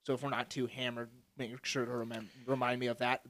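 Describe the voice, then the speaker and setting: A man's voice: mid-range voice, level tone, a little fast, fairly bright tone, dry recording. A young man hosting a casual podcast, asking questions with lots of fillers, joking and swearing. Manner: joking, puts on mock voices, swears, hesitant fillers. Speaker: podcast host, interviewer.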